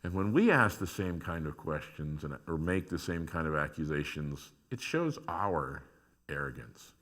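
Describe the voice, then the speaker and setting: Pastor, male, sermon delivery: bright, lively pitch, swings from hushed to emphatic. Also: moderate pace. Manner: acts out prayers and complaints to God in dramatic voices; rises from quiet reflection to loud emphasis.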